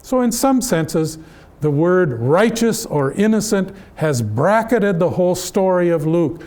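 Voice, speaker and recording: A middle-aged man teaching an adult Bible class, speaking deliberately and asking the class questions. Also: sits high, expressive, a little mellow.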